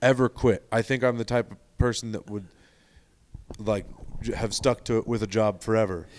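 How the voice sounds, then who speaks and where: A man's voice: on the low side, fairly even intonation, moderate pace, a little mellow, slight background noise. A man co-hosting a podcast, joking and riffing in casual chat with plenty of swearing. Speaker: podcast co-host.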